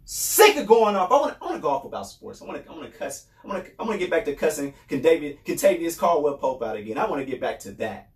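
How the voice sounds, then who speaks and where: A man's voice: fairly high pitch, sing-song, fast talker, hardly any pauses. A man from New York State hosting a podcast, giving an impassioned, repetitive monologue and often raising his voice. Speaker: podcast host. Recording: roomy echo.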